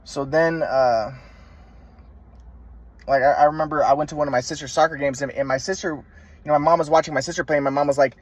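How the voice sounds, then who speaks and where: A man's voice: a little high, steady tone, fast. A man telling a story from his youth in a casual monologue, rambling with many repeats and restarts as he demonstrates moves. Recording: clear background noise.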